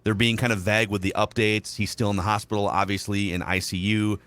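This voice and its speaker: A man's voice: fairly low pitch, flat delivery, a little fast, a bit bright, no room sound. A man hosting a sports podcast, setting up questions in a loose, rambling, self-deprecating way. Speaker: podcast host. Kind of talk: podcast interview.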